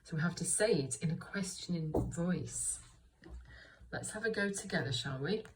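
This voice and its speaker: A woman teaching a reading lesson to young children, speaking slowly and clearly and asking them encouraging questions. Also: on the low side, animated, slight background noise, rough recording. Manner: slow, clear and encouraging, with many questions to the listener. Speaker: primary school teacher.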